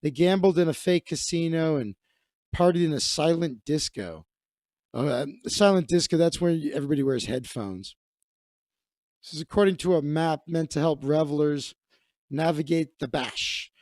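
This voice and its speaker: Brief: man comic host, sarcastic profane rant, slightly high, mellow tone, dry close sound. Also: moderate pace, no echo. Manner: sarcastic, profane riffing with restarts. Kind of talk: comedic live-stream rant.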